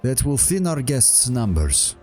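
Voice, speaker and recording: A man voicing a weary, bloodthirsty older gang boss who speaks in a slow, lazy drawl in a tabletop role-playing game. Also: medium pitch, very animated, darkish tone, soft background music, pitched above the performer's own voice. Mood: grim.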